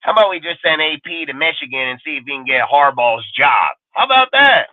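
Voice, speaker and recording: A man's voice: mid-range voice, brisk, no echo. A man ranting as a sports talk panelist, swearing constantly and hammering the same points over and over. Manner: profane, emphatic, repeats points. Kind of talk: heated casual sports rant. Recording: tinny phone-line audio.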